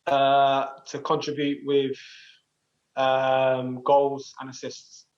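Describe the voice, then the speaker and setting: A man in his twenties, a footballer, answering interview questions in a relaxed, modest, hesitant way. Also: mid-range voice, slow pace, highs cut off. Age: 20s. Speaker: professional footballer.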